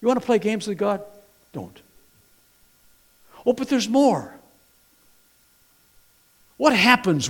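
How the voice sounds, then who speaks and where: A middle-aged man delivers a sermon with a somewhat high voice. He keeps it lively, dipping quiet and then rising loud. His storytelling is folksy and full of playful asides. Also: unhurried, pauses often. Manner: animated, swings from quiet to loud. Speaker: pastor.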